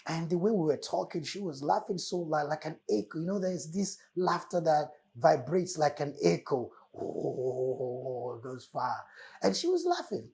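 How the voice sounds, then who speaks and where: A man's voice: a little high, normal speed, creaky, few pauses, darkish tone, slightly rough. A man hosting a motivational talk, preaching life lessons with emphatic, repeated phrases. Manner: preacherly, repeating key words with emphatic swells. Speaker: host.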